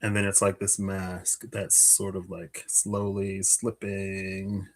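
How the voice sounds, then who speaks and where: Guy doing a chill card reading, kinda low voice, thinking out loud, lots of "like" and little laughs, bit out of breath. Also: little pitch movement, unhurried, breathy edge. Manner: musing aloud, many fillers and little laughs. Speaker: tarot and Lenormand card reader. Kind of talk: casual live card reading.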